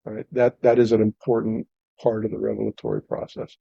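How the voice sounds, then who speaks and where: A man's voice: fairly low pitch, little pitch movement, brisk, creaky, husky, dry recording, highs cut off. A man hosting a podcast, talking in a philosophical, emphatic way about truth and experience. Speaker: podcast host. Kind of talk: casual conversation.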